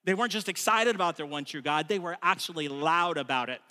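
A man preaching a sermon in a relaxed, conversational way, stressing key points and often restarting his phrases. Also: on the high side, quick pace. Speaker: pastor. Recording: long reverb of a large room.

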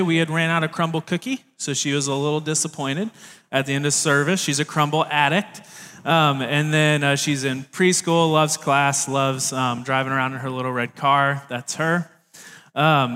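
A man's voice: a little high, pushed and bright. A man, preaching a sermon as youth director in a friendly, joking, playful way. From Tennessee, US South. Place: church sanctuary stage. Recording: reverberant church hall.

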